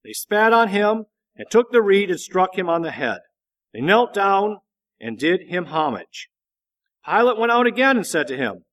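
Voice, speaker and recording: A man reading a Bible passage aloud in a measured, steady narration. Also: sits high. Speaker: scripture reader.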